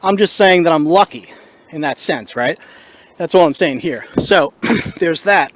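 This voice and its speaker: A man with a somewhat high voice vlogs from his porch at the forest's edge. He is a little out of breath and talks in a loose, rambling way, full of asides and fillers, picked up by the camera's own mic. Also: expressive, a little slow, a bit bright, slight background noise. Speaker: political video blogger. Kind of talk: casual talking to camera.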